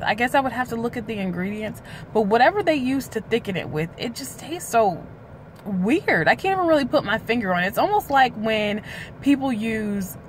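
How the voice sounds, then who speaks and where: A woman's voice: a little high, a little hiss or hum. Chatty woman vlogging from a car. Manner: chatty and candid, drawn-out filler sounds. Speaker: weight-loss vlogger. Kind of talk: casual chatty vlog. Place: parked car outside a hospital.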